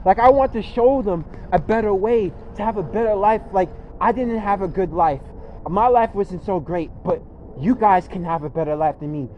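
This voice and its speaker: Man, 20s, high voice, earnest and repetitive, filler-heavy self-help vlog talk, faint street noise. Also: moderate pace, dull audio. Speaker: vlogger. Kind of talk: casual motivational monologue.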